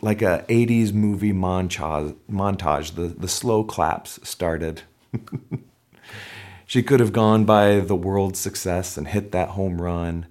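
A middle-aged male pastor with a low-sitting voice delivers a sermon, telling a story in an animated way and shouting out the crowd's cheers.

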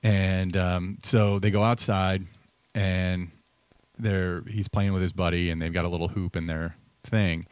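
A middle-aged man talks in a low voice, chatting casually and telling stories. He often trails off and restarts. The sound is dry and close. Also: flat delivery, a little slow, clear, resonant tone, dry recording. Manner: conversational, storytelling, trails off and restarts. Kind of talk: casual chat.

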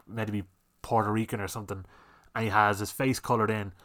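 A man's voice: on the low side, fairly even intonation, fast, a bit bright. A man hosting a solo podcast, ranting heatedly and swearing often as he complains. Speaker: podcast host.

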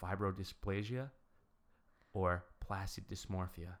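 A man casually hosting a guessing game with a friend, reading clues slowly, stumbling over words and giggling. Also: low voice, steady tone. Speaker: quiz host of a guessing game. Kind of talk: casual chat.

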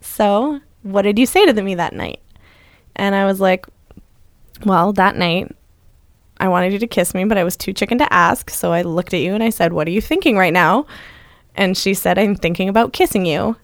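A woman, co-hosting a podcast and telling a story in a lively chatty way. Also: moderate pace, no room sound, studio quality. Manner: animated, acts out quoted lines with jumps in pitch. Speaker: podcast co-host. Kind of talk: casual storytelling chat.

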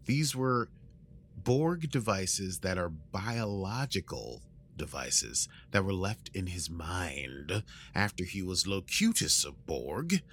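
A man hosting a casual recap chat, rambling through the story and acting out quotes in goofy voices, with a morning voice that is still warming up. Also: low-pitched, sing-song, takes it slowly, a little hiss or hum. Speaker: podcast host recapping an episode.

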